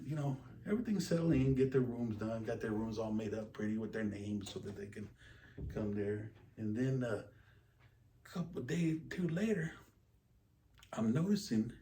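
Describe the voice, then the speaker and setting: A man's voice: medium pitch, mellow, a little hiss or hum. A man telling a crude, rambling comic story about his family, full of exaggeration. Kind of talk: storytelling stand-up. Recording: roomy, distant mic with faint ambience.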